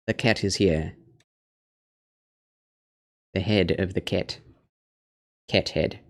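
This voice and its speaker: Low, slow-talking man streaming a game. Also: steady tone. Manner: talks baby talk and whispers to his cat. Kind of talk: casual gameplay livestream chat.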